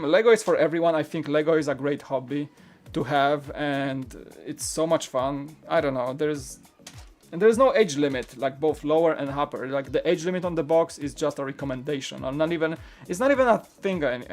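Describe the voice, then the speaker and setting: A man's voice: on the high side, lively intonation, normal speed, soft background music. A man hosting a live-streamed LEGO build, talking in a chatty, rambling way and reading out the chat. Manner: chatty, rambling, with frequent restarts. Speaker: LEGO channel host.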